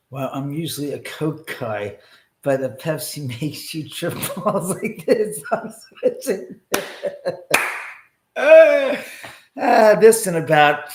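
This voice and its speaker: A man hosting a live stream from his house, rambling through a story full of swearing and laughter. His voice is of middle pitch, and the room adds a hollow echo around it. His talk is loose and off the cuff. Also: darkish tone. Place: his home, indoors. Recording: echoey room.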